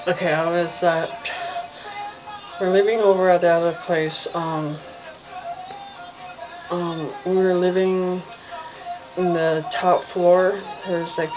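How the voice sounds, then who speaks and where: A woman, a mother, telling a ghost story in casual speech to a propped-up camera at home, halting with many fillers and restarts. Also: sits low, highs cut off. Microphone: phone or camera propped up, no tripod.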